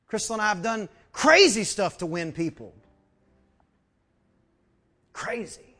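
A man's voice: high-pitched, a little slow, pauses often. A man preaching a sermon, telling stories and acting out quotes with lots of repeated words. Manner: animated, acts out quotes, repeats words when excited. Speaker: pastor. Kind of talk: sermon with storytelling.

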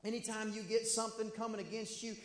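High-pitched male pastor preaching in a big reverberant church and acting out the story's voices. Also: fast. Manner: animated storytelling, voices quoted characters. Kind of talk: sermon. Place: church sanctuary. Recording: echoey church hall.

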